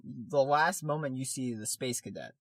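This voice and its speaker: A man's voice: medium pitch, moderate pace, fairly bright tone, no room sound. Rambling male podcast host. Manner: rambling, many fillers and restarts. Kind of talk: casual chat.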